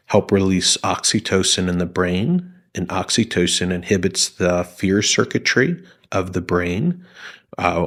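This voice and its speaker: A low-voiced man speaks as a therapist, walking through what the body does in a panic attack. He talks in a calm teaching tone and often slows and softens to show how a soothing voice should sound. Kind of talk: explaining psychology to camera.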